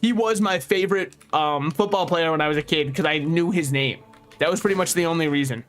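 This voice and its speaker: Young man, sardonic deadpan, streamer commentary, higher-pitched, faint music underneath. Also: brisk. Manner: sardonic, dark deadpan jokes. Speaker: VTuber streamer. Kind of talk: casual gameplay commentary. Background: faint game music.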